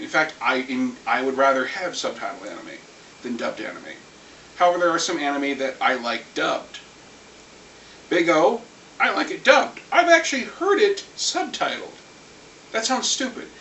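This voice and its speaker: A man ranting casually about anime, rambling and animated, swearing now and then. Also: mid-range voice. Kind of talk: casual rant. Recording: echoey room, far from mic, faint hiss.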